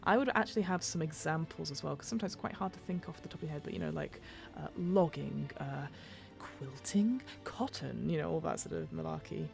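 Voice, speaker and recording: A woman's voice: low-pitched, a little fast, creaky, darkish tone, soft background music. A British woman hosting a podcast, reading a game rulebook aloud and breaking off into rambling, self-interrupting asides. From United Kingdom. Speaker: podcast host and game master.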